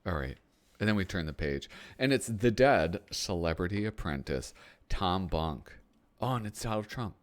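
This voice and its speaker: Lower-voiced man rambling casually. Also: animated, normal speed. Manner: rambling, frequent ums, thinking aloud. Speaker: host. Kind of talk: casual chat while flipping through a magazine.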